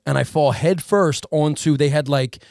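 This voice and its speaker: A man with a gravelly, raised voice tells a story in casual podcast chat. He throws himself into it, acting out the other people's lines. The sound is dry and close, with no room around it. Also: a little high, moderate pace, no echo. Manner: animated storyteller, acts out voices in quotes. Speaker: podcast co-host.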